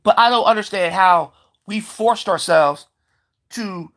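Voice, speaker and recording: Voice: medium pitch, unhurried, a bit bright. Swearing, sarcastic ranting vlogger. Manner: heated, sarcastic, swears constantly; stumbles into repeated filler words. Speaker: solo vlogger. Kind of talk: profane rant to camera.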